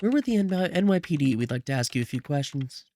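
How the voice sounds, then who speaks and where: A game streamer reading the lines of a young female police officer, with steady, matter-of-fact questioning. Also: medium pitch, fast talker. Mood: businesslike.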